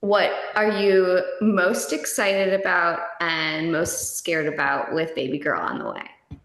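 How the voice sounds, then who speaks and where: A woman's voice: on the low side, animated, slow pace, vocal fry, a bit bright, echoey room, rough recording. A woman co-hosting a podcast who asks casual questions and answers with short, affirming remarks. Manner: brief, affirming "yeah" replies. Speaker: podcast co-host asking questions.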